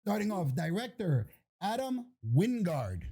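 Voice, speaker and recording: A man's voice: sits high, sing-song, a little slow, mellow, slightly rough. A man co-hosting a podcast in casual chat, trading jokes and profane banter. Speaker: podcast co-host.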